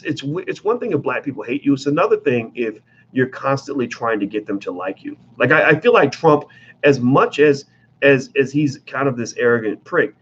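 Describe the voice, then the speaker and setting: A man's voice: medium pitch, dull audio, a little hiss or hum. A man giving blunt, emphatic commentary in a casual vlog, talking straight to his viewers with plenty of profanity.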